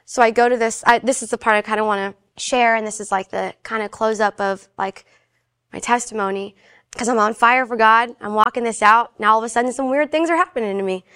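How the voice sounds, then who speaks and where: A woman guest recounts her personal faith story in a quick, animated way, briefly acting out the people in it as she goes. Her voice sits a little high. The sound is close and dry. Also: clear, resonant tone, no room sound. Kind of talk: casual spoken storytelling.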